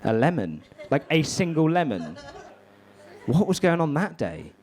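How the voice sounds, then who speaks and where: A man's voice: a little high, very animated, a little slow, darkish tone. A man doing stand-up, chatty and rambling, swearing often. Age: 20s. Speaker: stand-up comedian. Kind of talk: stand-up comedy with crowd work. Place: comedy club stage before a live audience.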